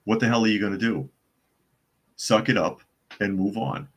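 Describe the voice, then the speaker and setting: Male host, very low voice, blunt and scornful, casual commentary. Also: steady tone, normal speed. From US South. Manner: blunt, scornful, repeats phrases for emphasis. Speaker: host of a news commentary stream. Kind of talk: casual opinion commentary, reading news and chat comments.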